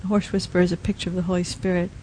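A woman preaching a sermon in a soft, halting way, often dropping to a quiet hush. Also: lowish voice, little pitch movement, breathy edge, low-quality recording. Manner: soft, halting, many restarts and fillers. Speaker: speaker at a Christian teaching.

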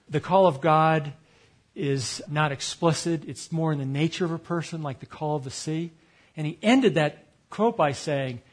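A man giving a sermon, telling a story about himself with animated delivery, acting out quoted lines and laughing at his own mistakes. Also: a little high. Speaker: speaker at a retreat.

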